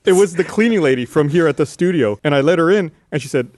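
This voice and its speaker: A man's voice: on the high side, lively intonation, fast, a little mellow. A man telling a funny story in casual chat, laughing as he goes. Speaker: podcast regular.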